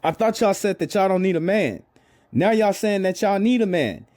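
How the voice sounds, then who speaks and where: Brief: middle-aged male vlogger, preachy and repetitive, very lively pitch swings. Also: normal speed. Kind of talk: comedic commentary.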